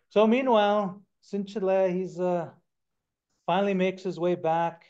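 A man retelling a traditional story during a lecture, relaxed and conversational, acting out the characters. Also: sits high, measured pace, clean tone, lo-fi sound. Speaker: guest speaker.

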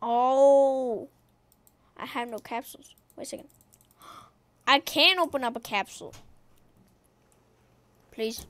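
A woman hosting a gaming channel, giving excitable let's-play commentary and talking to herself as she plays, shrieking whenever she loses. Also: high-pitched, slow pace, long pauses, no echo. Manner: excitable, talks to herself while playing, shrieks when killed.

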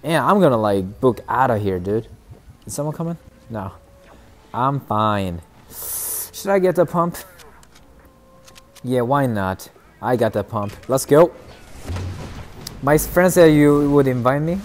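A man's voice: mid-range voice, expressive, unhurried, long pauses, a little mellow, a little hiss or hum. A man streaming a shooter game, chatting casually with viewers and trash talking opponents. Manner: playful trash talk to chat. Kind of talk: casual gameplay commentary.

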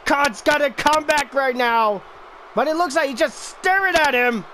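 High pitched guy yelling play-by-play over a wrestling game, lots of background noise. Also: unhurried. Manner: excitable, frequent shouting and exclamations. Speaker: wrestling video game commentator. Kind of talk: excited play-by-play commentary.

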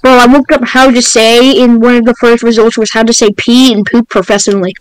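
A man's voice: very high-pitched, level tone, brisk, smooth, dry recording, poor audio. A male podcast co-host chatting casually, joking around and rambling. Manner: goofy, joking, rambling with lots of "bro" and "like". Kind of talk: casual chat.

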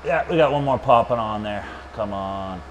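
A man's voice: fairly low pitch, expressive, moderate pace, muffled recording, a little hiss or hum. A man presenting a hands-on storage build in a lab, talking casually and joking between steps with rambling asides. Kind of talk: casual hands-on tech demo. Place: server lab.

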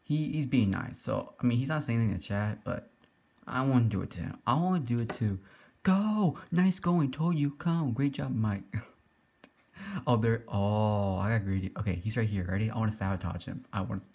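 A young man giving excitable, giggly play-by-play commentary as he teases other players in an online game. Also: lowish voice, a little fast, creaky, husky. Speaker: gaming YouTuber. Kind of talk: casual Let's Play commentary.

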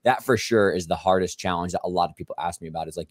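A man's voice: low voice, rapid-fire, no echo, clean studio sound. An American man hosting a podcast, chatting casually and upbeat with a guest, with plenty of fillers and laughs. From United States. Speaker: podcast host.

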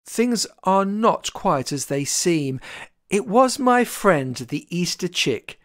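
A kindly male Easter Bunny from a storybook, as a reader puts him on, gentle and earnest. He speaks slowly, with a voice that lifts and falls in a lively way. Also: mid-range voice. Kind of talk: storybook character voice.

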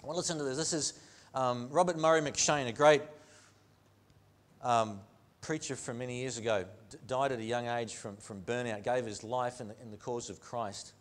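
A man's voice: medium pitch, fairly even intonation, normal speed. A male pastor preaching a sermon in a church, earnest, with repeated phrases and rhetorical questions. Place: church sanctuary.

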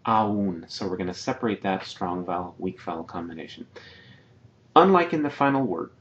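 A man teaching a slide-based video lesson, patiently explaining and repeating each example word slowly. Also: deep voice, very animated, lo-fi sound. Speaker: Spanish teacher.

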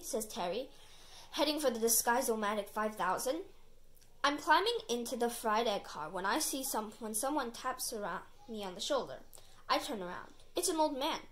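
A woman reading a children's chapter book aloud as the storyteller, with expressive narration. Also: fairly high pitch, moderate pace.

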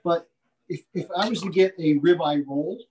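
A man's voice: on the high side, moderate pace, darkish tone, rough recording. A man giving a live butchery demonstration, folksy and repetitive, punching key points and checking in with "okay?". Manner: folksy, repeats himself, asks "okay?" often. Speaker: butcher instructor.

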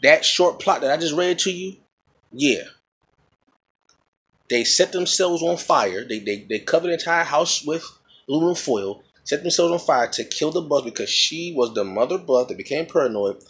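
A man's voice: fairly high pitch, expressive, moderate pace, a bit bright, slightly rough. A man casually ranting to camera about a movie, rambling and repeating himself as he restarts his sentences. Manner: rambling, with many restarts and repetitions; emphatic and indignant. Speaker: vlogger reviewing a movie.

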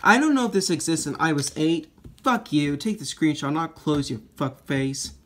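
A man giving casual commentary while demoing phone hacks, rambling and profane, quick to blow up into shouting. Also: fairly high pitch. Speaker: iPhone jailbreak tinkerer. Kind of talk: casual screen demo commentary.

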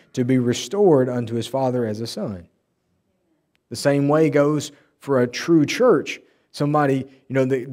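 A male pastor delivering an emphatic, animated sermon in a church and acting out the people he quotes. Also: medium pitch. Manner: emphatic, animated preaching with mocking quoted voices. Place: church sanctuary.

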